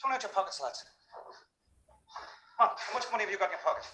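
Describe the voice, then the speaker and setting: A man's voice: sits high, lively intonation, fast, noisy background. An actor playing a menacing Irish man who bullies some lads for their money, in an echoey film clip. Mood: bullying.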